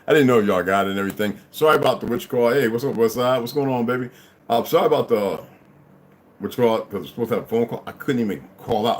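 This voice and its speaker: A man's voice: medium pitch, quick pace. A tired man chatting casually and profanely on a livestream, greeting viewers as they arrive. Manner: laid-back, profane, rambling, greets viewers as "beloved". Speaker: livestream host.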